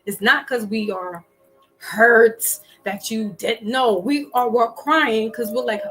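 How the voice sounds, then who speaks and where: A woman's voice: a little high, slow, over music, rough recording. A woman giving a casual tarot reading, chatty and loose, often restarting her words. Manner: chatty, frequent restarts and fillers. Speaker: tarot reader.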